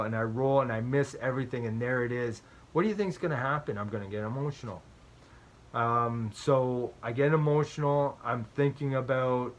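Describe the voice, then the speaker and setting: A man's voice: medium pitch, moderate pace. Chatty man explaining board game strategy. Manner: chatty and self-deprecating, often tags lines with "right?"; repeats phrases for emphasis. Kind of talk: casual explanatory talk with personal stories.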